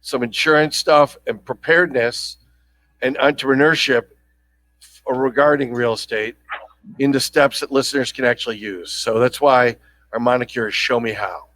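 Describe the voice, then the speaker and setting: A man's voice: medium pitch, moderate pace, fairly bright tone, rough recording. A man hosting a casual podcast, joking around and rambling with fillers and restarts. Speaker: podcast host.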